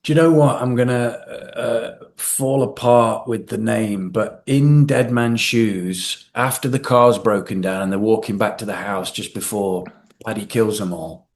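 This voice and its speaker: A man, a guest actor in a casual interview, telling animated stories and acting out quotes from others. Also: on the low side, unhurried. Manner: animated storyteller, acts out quotes with swearing.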